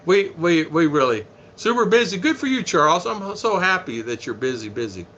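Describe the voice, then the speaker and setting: Man from the US, live stream host, folksy chatty talk, bright tense voice, faint background noise. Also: fairly high pitch, sing-song, moderate pace, lo-fi sound. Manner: chatty, folksy, reads viewer comments aloud. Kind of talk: casual live stream chat.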